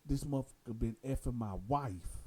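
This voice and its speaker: A man's voice: medium pitch, moderate pace, dark tone, slightly rough, close to an everyday voice. A man voicing an angry male inmate who talks in a heated, profane way.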